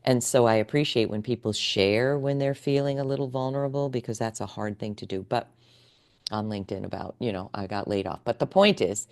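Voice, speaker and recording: In a casual podcast interview, the middle-aged female host talks with her guest warmly, her reactions effusive and emotional. She has a very deep voice and speaks fairly quickly.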